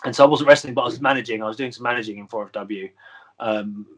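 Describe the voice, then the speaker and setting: This man in his thirties, a wrestler on as a guest, wanders through stories in casual conversation, using plenty of fillers and chuckling at what he tells. His mid-range voice moves fast and has a fairly bright tone.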